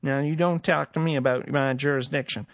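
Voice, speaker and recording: A man voicing a pompous male government official who serves fines, with a slow, patronizing drawl in a comedy sketch. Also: mid-range voice, steady tone, no room sound, natural voice. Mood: indignant.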